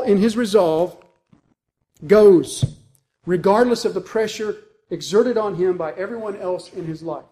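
A man preaching a sermon as pastor, animated and emphatic, with rhetorical questions. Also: high-pitched, rough recording.

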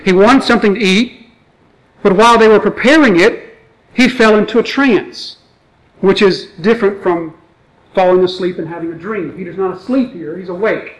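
A pastor with a high voice delivers an expository sermon, reading scripture aloud before explaining it conversationally and posing rhetorical questions. The audio quality is poor.

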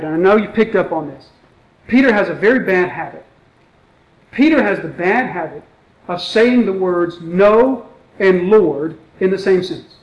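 A man's voice: high-pitched, poor audio. A man preaching a sermon, reading scripture aloud and then explaining it in a conversational way with rhetorical questions. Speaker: pastor. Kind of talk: expository sermon.

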